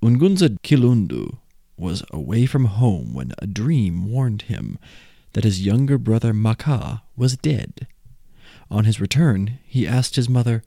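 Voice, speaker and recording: Expressive male storyteller, dry close sound. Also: on the low side, measured pace, creaky, no echo. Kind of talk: reading a folk tale.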